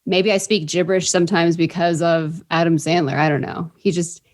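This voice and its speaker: Quirky woman telling stories, low voice. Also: fairly even intonation, fairly quick. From Indianapolis, US. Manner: quirky, bubbly storytelling. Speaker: podcast guest. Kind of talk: casual interview chat.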